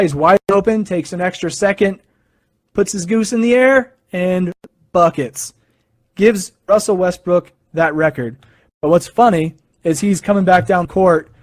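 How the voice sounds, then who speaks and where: A high-voiced man hosts a sports podcast, sharing casual opinions through excitable, animated storytelling. There's no echo on the recording.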